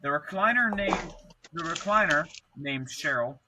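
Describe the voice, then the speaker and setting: A man's voice: fairly high pitch, expressive, a little slow, noisy background. A young man co-hosting a podcast, reading a silly story aloud in a playful way, stumbling over and restarting words. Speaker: podcast co-host.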